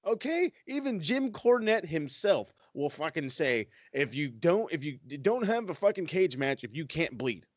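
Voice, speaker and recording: A man's voice: fairly high pitch, very animated, moderate pace, few pauses, no room sound. A man co-hosting a wrestling podcast, ranting in a heated, profane, sarcastic way. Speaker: podcast co-host.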